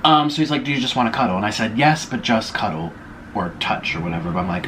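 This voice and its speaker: A young man telling a rambling story to the camera while eating, pausing to chew between stories. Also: medium pitch, animated, fairly bright tone, a little hiss or hum. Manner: chatty, rambling, with chewing and food noises between stories. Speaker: vlogger. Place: home room, sitting at a table.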